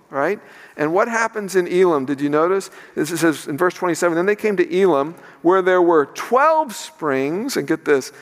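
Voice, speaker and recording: A man preaches with a slightly high voice, speaking to the congregation in a conversational way with pointed rhetorical questions and dry sarcasm. His words ring out with a long reverb, as if in a big hall. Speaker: pastor. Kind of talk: sermon.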